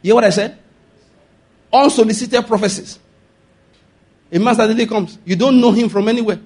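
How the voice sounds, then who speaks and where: A Nigerian-accented man preaching a sermon, animated, laughing often and asking the congregation if they follow. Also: high-pitched, normal speed.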